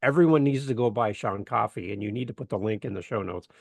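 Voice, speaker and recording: A man's voice: lowish voice, fast talker, vocal fry, dry recording. A man from Canada, a guest on a podcast, chatting casually and telling stories with jokes. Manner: joking, animated storyteller. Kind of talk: casual interview chat.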